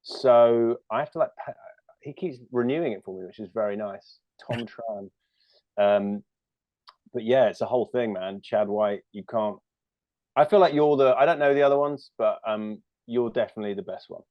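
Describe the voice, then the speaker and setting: A British comedian in his thirties, appearing as an interview guest, chats casually in a rambling, self-deprecating way full of fillers and restarts. His medium-pitched voice moves at a normal speed, in a dry, dull-sounding recording.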